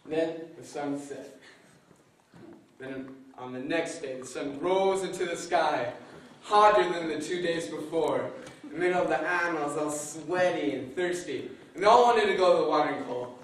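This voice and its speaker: A man telling a folk tale live to an audience in a playful, animated way, adding sound effects. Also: on the high side, moderate pace. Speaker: storyteller. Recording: echoey room from far off, faint noise.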